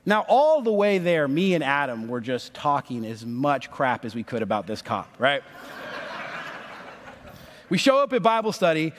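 A man in his thirties, a pastor telling a story in a sermon, animated and acting out the voices of the people in it. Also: on the high side, normal speed. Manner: animated, acts out voices in stories. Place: church sanctuary. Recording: long reverb of a large hall.

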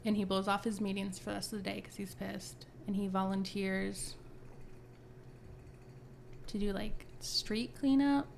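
A woman's voice: mid-range voice, steady tone, unhurried, vocal fry, pauses often, slight background noise. A woman co-hosting a podcast, animatedly retelling a book chapter in casual chat, swearing freely. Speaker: podcast co-host.

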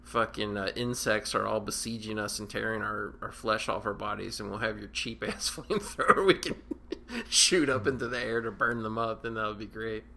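A man's voice: fairly low pitch, fairly even intonation, normal speed, gravelly, pushed and bright. A man co-hosting a casual podcast, rambling and sarcastic, with lots of swearing. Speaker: podcast co-host.

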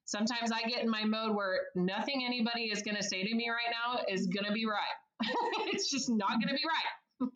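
A woman's voice: fairly high pitch, normal speed, a bit bright, echoey room, rough recording. A woman working as a service advisor, talking in a podcast interview in a bubbly, chatty way and laughing often. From United States.

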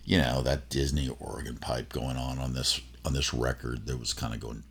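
Middle-aged guy telling an old halloween story, super low gravelly voice, lots of ums and restarts. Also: level tone, a bit bright. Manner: rambling, halting, many fillers and restarts. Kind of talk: personal storytelling.

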